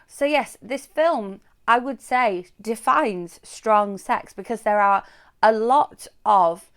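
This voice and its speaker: A woman's voice: a little high, slow pace, clear, resonant tone. A woman giving a casual, chatty film review, rambling with frequent fillers.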